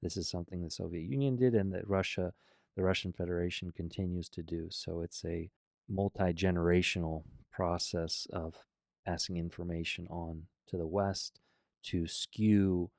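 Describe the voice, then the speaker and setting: A man's voice: deep voice, creaky, darkish tone, no room sound. A man hosting a political reaction commentary, arguing bluntly and emphatically against what he has just played. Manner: blunt, argumentative, emphatic rebuttals.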